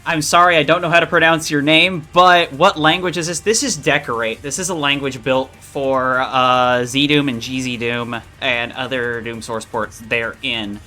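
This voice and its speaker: A man's voice: mid-range voice, fairly even intonation, sharp tone, soft background music. A man streaming his game development, chatting casually and explaining code with jokes. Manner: slow, explanatory, joking asides. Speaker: streamer and modder. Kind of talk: casual dev stream chat.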